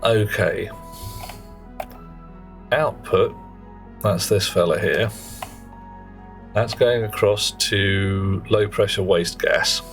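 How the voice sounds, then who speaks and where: A middle-aged man with a lowish voice rambles through casual live game commentary. He drifts between tangents and mutters to himself as he works, over faint music in the background. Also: fairly even intonation, drawn-out words, pauses often. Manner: rambling, chatty, muttering to himself while playing. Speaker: streamer.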